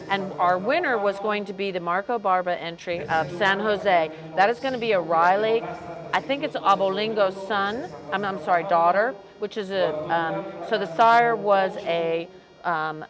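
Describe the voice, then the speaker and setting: A woman's voice: mid-range voice, moderate pace, music in the background, rough recording. A woman commentating a cattle show livestream in an arena, chatting, greeting viewers and stumbling over names. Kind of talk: live commentary.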